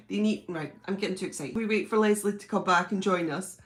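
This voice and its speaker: A woman with a British accent hosting a live stream from home, chatting casually and reading out viewer comments in a gushing, excitable way. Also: medium pitch, fast. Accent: British English.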